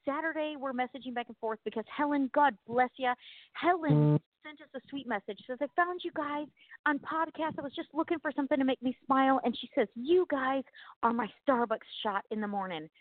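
A woman co-hosting a casual faith podcast, chatty and animated, laughing at herself as she talks. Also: high-pitched, brisk, dry recording, phone-quality sound. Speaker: podcast co-host.

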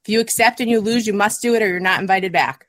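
A woman's voice: medium pitch, fast talker, no room sound. A woman guest in a casual podcast chat, telling stories with frequent giggles. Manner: giggly, lively storyteller.

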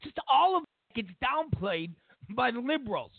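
A man hosting a show, giving an opinionated political commentary as a mocking, animated rant. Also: very high voice, moderate pace, creaky, no room sound. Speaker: show host. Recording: tinny phone-like dry audio.

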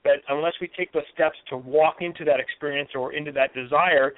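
Over dry, tinny phone-line audio with no room sound, a man whose voice is a little high speaks briskly and steadily as a guest in a conversational interview. He's earnest and reflective, frequently starting his sentences over.

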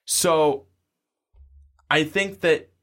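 A man co-hosting a sports podcast who gives measured analysis and thinks aloud as he goes. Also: on the high side, fairly even intonation, a bit bright. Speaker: podcast co-host.

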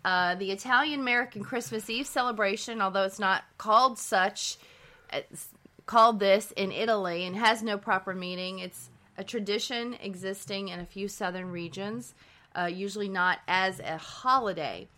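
A female co-host shares researched details in a friendly, chatty manner, reading facts aloud between remarks. Her voice is bright, at a middle pitch. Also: normal speed. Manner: reads facts aloud, friendly back-and-forth. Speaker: nurse practitioner co-host. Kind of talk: conversational podcast talk.

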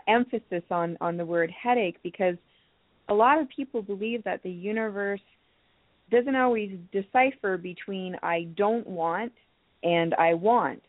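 A woman guest, a crystal healing teacher from Canada, speaking softly and hesitantly, with many pauses and restarts. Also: medium pitch, no echo. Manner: soft-spoken, hesitant, many ums and restarts. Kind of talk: phone-in talk show guest. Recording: tinny phone line, dry.

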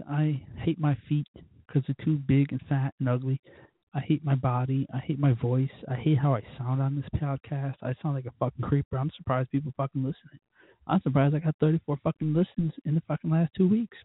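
Guy ranting on his podcast, swears every other word, scattered and down on himself, breathy voice, dead dry sound. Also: medium pitch, steady tone, a little fast, dry recording, narrow, tinny audio. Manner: cursing constantly, self-deprecating, scattered. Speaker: podcast host. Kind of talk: rambling, profane solo podcast talk.

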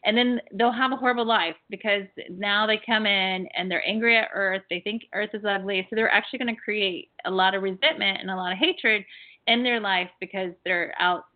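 A woman's voice: medium pitch, steady tone, a little fast. A woman hosting a call-in show about past lives, telling stories in a chatty, earnest way with many fillers. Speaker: host and past-life healer. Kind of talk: call-in radio show talk. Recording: tinny phone line.

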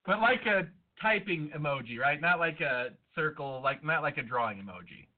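A man's voice: a little high, animated, moderate pace. A man co-hosting a podcast, ranting and swearing in casual chat. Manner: ranting and profane. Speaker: podcast co-host. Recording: tinny phone-like audio.

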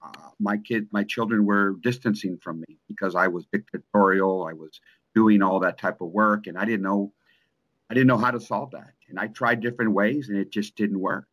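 A middle-aged man giving an earnest, emotional testimonial, speaking haltingly with many restarts and repeated words. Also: fairly low pitch, a bit bright. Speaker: coaching client. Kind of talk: personal testimonial in conversation.

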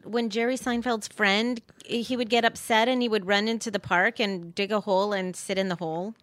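A woman's voice: mid-range voice, fairly even intonation, moderate pace, no echo. A woman co-hosting a podcast, chatting and teasing her co-hosts about a movie. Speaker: podcast co-host. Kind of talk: casual movie chat.

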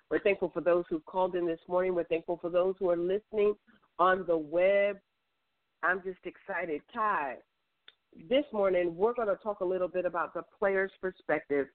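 A woman's voice: lowish voice, fairly even intonation, moderate pace, no room sound. An upbeat woman hosts a faith-based radio show over the phone. She repeats words for emphasis. The sound is thin and phone-like, with a dry, close feel. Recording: tinny phone line.

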